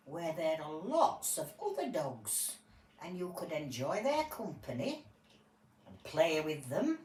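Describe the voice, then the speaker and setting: A woman playing a patient, kindly judge in a homemade toy court game, explaining things gently. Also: fairly low pitch. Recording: echoey room, voice from afar, faint hiss.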